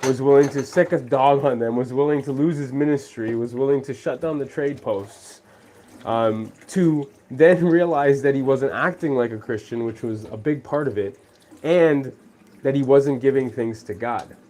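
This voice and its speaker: A faith vlog host chats casually while washing dishes at his home kitchen sink, retelling a story in a rambling way and voicing the people he quotes. His mid-range voice is mellow and at normal speed, with a little hiss or hum.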